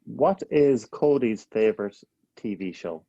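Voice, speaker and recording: A man hosting a podcast, firing off quick playful questions and laughing easily. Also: lowish voice, lively intonation, gravelly, warm tone, no room sound, lo-fi sound. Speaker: podcast host. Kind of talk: rapid-fire interview questions.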